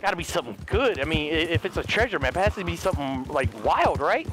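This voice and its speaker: A hoarse man giving excitable, casual let's-play commentary, cursing freely and chatting to his horse. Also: a little high, fast. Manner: excitable, swears often, talks to his horse. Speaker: gaming video host.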